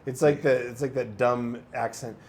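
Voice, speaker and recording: A man's voice: mid-range voice, fairly even intonation, normal speed, a little hiss or hum. A man co-hosting a casual podcast, giving blunt, jaded advice with sarcastic asides. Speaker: podcast co-host. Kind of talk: casual chat, advice to listeners.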